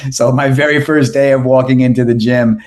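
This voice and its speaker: A man's voice: medium pitch, steady tone, brisk, darkish tone. A man, telling a story on a podcast as the guest, rambling with many restarts and fillers. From New York. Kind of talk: casual storytelling.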